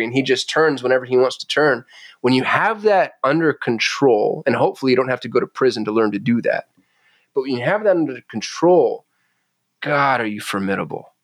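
A man as a podcast guest, talking candidly and intensely, cursing freely and growing animated as he tells his stories. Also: mid-range voice, no echo. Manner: intense, swearing, confessional, animated when retelling. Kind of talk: candid conversational storytelling. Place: Phoenix.

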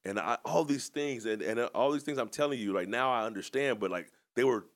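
A man's voice: mid-range voice, a little fast. A man co-hosting a podcast, telling his story in a casual, rambling, reflective way. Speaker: podcast co-host and coach.

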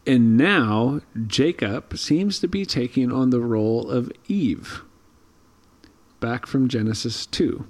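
A man's voice: medium pitch, slow pace. A man co-hosting a casual Bible study podcast, explaining thoughtfully with frequent ums and restarts. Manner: thoughtful, many fillers and restarts. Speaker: podcast co-host.

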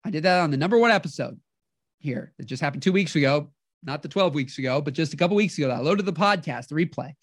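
A podcast host giving a motivational talk in an animated way, often acting out inner voices and checking in with the listener. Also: mid-range voice, fast talker, dry recording, studio quality. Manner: animated, acts out inner voices, keeps asking "right?".

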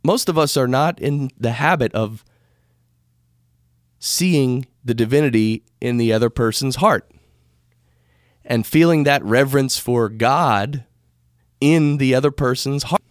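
An American man hosts a casual podcast on spirituality, talking into a studio microphone in a mid-range voice. He's unhurried and pauses often, rambling and correcting himself as he goes. The sound is clean, with no echo.

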